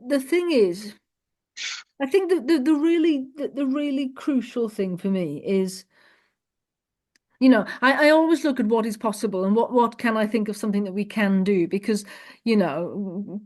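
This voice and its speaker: A woman's voice: fairly high pitch, a little mellow. A woman hosting a podcast, earnest and thinking aloud in long, searching sentences. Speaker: podcast host. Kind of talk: conversational interview.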